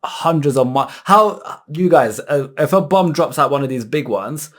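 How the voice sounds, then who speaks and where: British guy reacting to a video, excitable, swears a lot, casual chat. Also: fairly high pitch, normal speed. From Britain. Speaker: reaction channel co-host.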